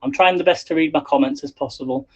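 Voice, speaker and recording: A man's voice: fairly high pitch, fast, husky, highs cut off. A man hosting a casual live cooking stream from his home kitchen, chatting and rambling to viewers while he cooks. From England. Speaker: livestream cooking host. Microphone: phone on a selfie stick.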